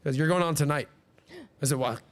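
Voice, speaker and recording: Animated man telling stories on a podcast. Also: fairly high pitch, fast talker. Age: 40s. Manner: animated, acts out quoted voices. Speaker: podcast host. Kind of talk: casual storytelling.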